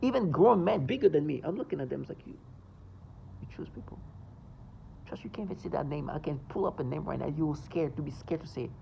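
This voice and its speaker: Man, mid pitch, gravelly edge. Agitated, insistent vlog monologue with a faint hum behind. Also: fast talker, hardly any pauses, mellow, rough recording. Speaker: vlogger. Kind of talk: emphatic monologue to camera.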